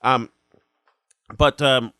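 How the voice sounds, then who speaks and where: A man's voice: mid-range voice, fairly even intonation, extremely slow, bright, forceful tone, clear, resonant tone, no room sound, clean studio sound. A man with a cold hosting a podcast, asking wry, probing questions in casual chat. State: has a cold. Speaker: podcast host.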